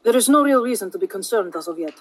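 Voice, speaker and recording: A woman voicing a watchful male bodyguard in a low, quiet voice with a slight put-on Indian accent. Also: fast, slightly rough, natural voice, rough recording. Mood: guarded, formal.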